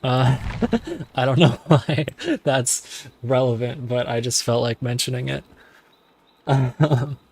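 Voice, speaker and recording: A man's voice: medium pitch, steady tone, takes it slowly, gravelly, pauses often, a little mellow, breathy edge. A young man giving casual, rambling commentary while streaming a game, full of fillers and self-interruptions.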